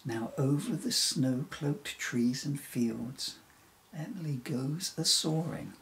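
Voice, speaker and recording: A man reading a rhyming children's story aloud in an expressive, sing-song way. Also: mid-range voice, slow, creaky, slight background noise, poor audio.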